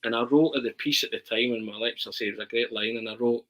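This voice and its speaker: A Scottish man telling stories in a casual chat as a podcast guest, animated and constantly checking in with his listener. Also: medium pitch, fast talker, low-quality recording. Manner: animated, keeps asking "right?". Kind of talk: casual storytelling.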